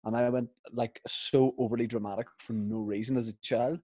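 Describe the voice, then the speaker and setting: A young man, co-host of a podcast, telling a childhood story in a casual chat with dry, deadpan asides. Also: mid-range voice, a little fast.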